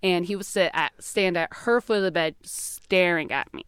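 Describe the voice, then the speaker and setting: A young woman telling a ghost story in casual chat, rambling and animated with lots of fillers, recorded in a small closet. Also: on the low side, normal speed, clear, resonant tone, no room sound.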